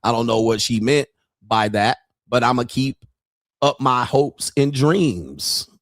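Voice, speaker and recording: A man's voice: mid-range voice, lively intonation, slow, no echo, studio quality. A man hosting a podcast who talks in loose, profane, comedic commentary, laughs often and acts out street exchanges. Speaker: podcast host.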